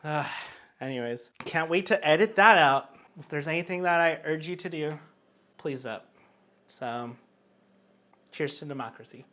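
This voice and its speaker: A man's voice: on the high side, moderate pace, pauses often, bright, forceful tone. A drunk man hosting a casual cooking show, rambling, joking and swearing freely as he cooks in a home kitchen.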